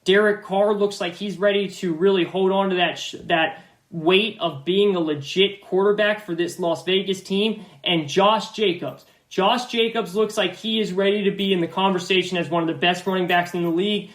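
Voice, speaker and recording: A man's voice: sits high, fairly even intonation, moderate pace, reverberant. Emphatic male sports podcast host. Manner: emphatic, repeats phrases, confident opinions.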